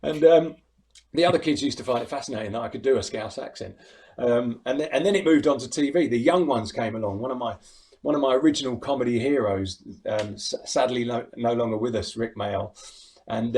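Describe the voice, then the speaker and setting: A middle-aged Englishman, appearing as an impressionist guest, chats casually over a video call in an interview. His mid-range voice is brisk and slightly mellow, and he laughs a lot and often restarts his sentences.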